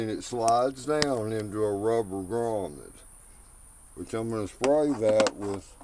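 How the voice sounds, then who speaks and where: Casual home mechanic, male, slow unhurried delivery, a bit winded, phone-recorded outdoors with faint background noise. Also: fairly low pitch. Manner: slow, rambling, talks while working. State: out of breath. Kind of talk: casual how-to video. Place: outdoors by a truck engine.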